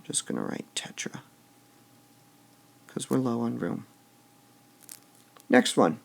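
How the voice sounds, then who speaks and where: A male teacher talks through a recorded lesson at an unhurried pace, with a gravelly edge to his voice. His pitch moves a lot as he sounds out words with different stresses. He keeps pausing with "all right" between steps. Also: animated. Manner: slow, stops to repeat words with shifting stress. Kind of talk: recorded lesson explaining poetic meter.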